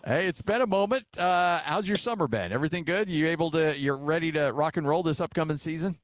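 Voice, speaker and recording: A man's voice: a little high, expressive, quick pace. A man in his forties hosting sports talk radio, telling stories in a chatty way with many fillers. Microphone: studio microphone.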